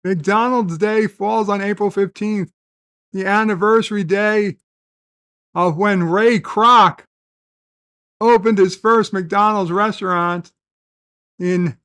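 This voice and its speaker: A man's voice: high-pitched, takes it slowly, a bit bright, no echo. A man hosting a casual live stream, reading viewer comments aloud and rambling, often stopping to correct himself. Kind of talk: casual chat.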